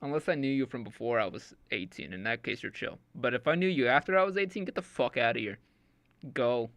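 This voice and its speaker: A man's voice: medium pitch, lively intonation, brisk, a bit bright. A young man streaming live, ranting in an exasperated, joking way and swearing heavily while his setup fails. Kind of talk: casual live-stream rant.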